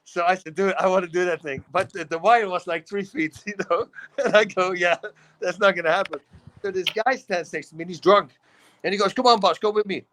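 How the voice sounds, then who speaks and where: Man with Dutch accent, middle-aged, animated storyteller, somewhat high voice. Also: brisk, rough recording. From Netherlands. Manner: animated storytelling, acts out quotes, laughs often. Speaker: guest. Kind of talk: casual storytelling.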